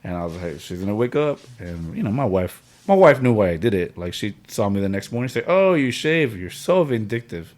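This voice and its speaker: A man's voice: fairly low pitch, lively intonation, fast talker, hardly any pauses, a little mellow. A man in his thirties or forties, chatting casually with friends, telling an emotional story full of fillers and slang. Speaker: podcast host. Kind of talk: casual chat among friends.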